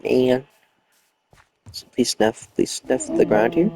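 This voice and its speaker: A man's voice: medium pitch, animated, moderate pace, gravelly, a little mellow, slight background noise. A young man playing a game late at night while lying down, muttering and swearing in frustration with half-whispered outbursts. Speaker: gaming streamer. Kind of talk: casual late-night gameplay commentary.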